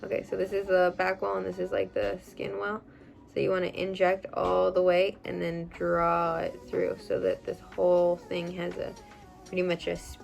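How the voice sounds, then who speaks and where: A young adult woman vlogger chatting casually as she answers viewer questions, blunt and animated, with plenty of "um" and "like" fillers. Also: lowish voice, vocal fry. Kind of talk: casual chat.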